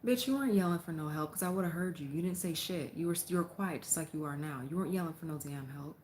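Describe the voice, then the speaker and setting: A young adult woman with a somewhat low voice, animated and profane as she tells a casual storytime to her camera at home. A faint hiss sits under her voice. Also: fast talker. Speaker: vlogger. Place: apartment.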